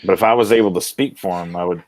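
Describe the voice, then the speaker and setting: Male player, very low voice, halting and unsure. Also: a little mellow, no echo. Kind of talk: casual tabletop gaming chat.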